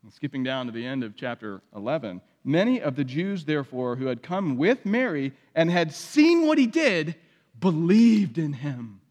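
A man's voice: on the high side, very animated, moderate pace, darkish tone. A man preaching a sermon as pastor, reading scripture aloud with dramatic emphasis. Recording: long hall reverb.

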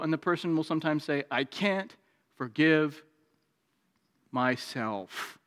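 A man preaching a sermon, moving between raised, emphatic passages and quiet, confiding stretches. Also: measured pace, smooth. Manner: preaching with swings from raised intensity to quiet, low confiding tones. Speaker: pastor. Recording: long hall reverb.

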